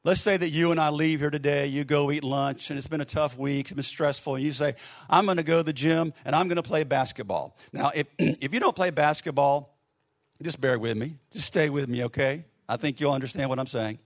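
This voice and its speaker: A man preaching a sermon, telling a story in a casual, conversational way, dropping to a soft hush for gentle lines and leading a closing prayer. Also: a little high, fairly even intonation, a little fast. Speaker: pastor.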